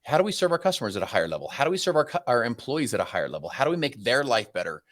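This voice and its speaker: A man in his forties, a podcast guest, telling a story in an energetic, conversational way with many restarts. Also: medium pitch, racing.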